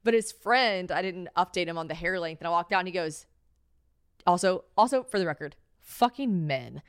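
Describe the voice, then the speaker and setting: A woman's voice: on the low side, animated, normal speed, clear, resonant tone, dry recording, studio quality. A young woman hosting a podcast solo, chatty and profane, telling stories with lots of fillers and sounding worn out. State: tired. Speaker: podcast host.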